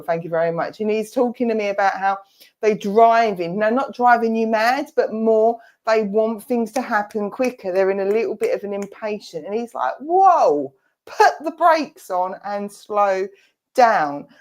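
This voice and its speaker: A woman's voice: medium pitch, a little mellow. Chatty Essex woman giving a reading. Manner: chatty, reassuring, speaks for a spirit in asides. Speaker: presenter and medium. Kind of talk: giving an online mediumship reading.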